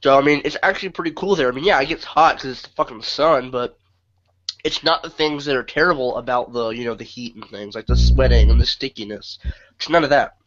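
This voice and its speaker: A man's voice: medium pitch, brisk, a bit bright. A young man co-hosting a podcast in casual chat, swearing and joking and laughing often. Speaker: podcast co-host. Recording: muffled lo-fi mic with faint hiss.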